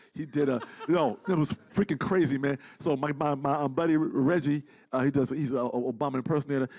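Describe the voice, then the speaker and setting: A man telling a story in casual talk, animated and profane, acting out the people he quotes. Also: medium pitch, creaky. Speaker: guest.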